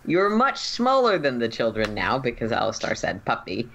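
A woman running a tabletop game as game master, narrating scenes in an unhurried way with fillers. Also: very deep voice, huge pitch swings, gravelly, a bit bright, a little hiss or hum. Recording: dull lo-fi audio.

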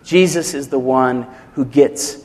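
A male pastor preaching a sermon, animated, acting out quotes with sudden swells and drops. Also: medium pitch, slow pace, long reverb tail.

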